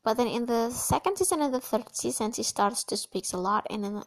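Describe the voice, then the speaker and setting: A woman's voice: fairly high pitch, brisk. Gushing chatty woman podcaster. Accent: American. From Indonesia. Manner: gushing, chatty, many fillers and restarts. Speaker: podcast host. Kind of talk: casual solo podcast chat.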